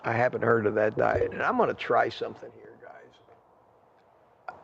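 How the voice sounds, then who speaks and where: A man's voice: medium pitch, fast talker, creaky, highs cut off, slight background noise. An older man hosting a casual livestream, reading the chat aloud and thanking viewers in a rambling, friendly way. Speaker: livestream host. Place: home desk at a computer.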